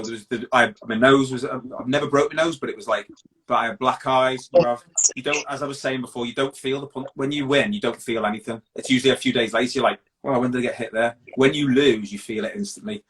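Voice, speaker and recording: A man's voice: mid-range voice, fairly bright tone, poor audio. A middle-aged man from Britain, a guest in an interview, telling his story openly and bluntly with many restarts. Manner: open, blunt, halting with restarts.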